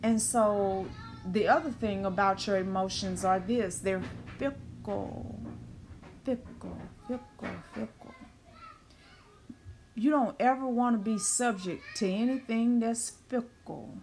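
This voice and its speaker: A woman giving a blunt, emphatic spiritual talk who swears freely, then eases into a slow guided visualization. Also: mid-range voice, darkish tone, a little hiss or hum. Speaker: spiritual teacher. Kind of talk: spoken ritual talk.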